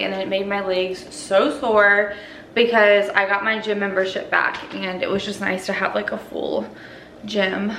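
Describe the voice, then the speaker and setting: Speaking with a medium pitch and fairly bright tone, a woman in her twenties casually vlogs from home about her routine. She's chatty, says "like" a lot, and laughs between thoughts, and the indoor sound is roomy with a bit of background noise.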